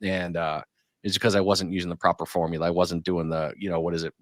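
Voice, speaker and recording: A man's voice: sits low, level tone, quick pace, fairly bright tone, no echo, studio quality. A man hosting a fishing podcast, chatty and jokey, telling stories and laughing easily. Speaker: podcast host. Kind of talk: casual podcast interview.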